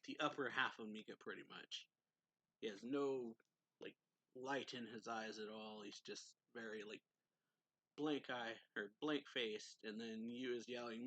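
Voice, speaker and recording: A man casually recapping a manga chapter as a reviewer, rambling with many fillers and quick laughs. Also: mid-range voice, fairly bright tone, no echo. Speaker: anime reviewer.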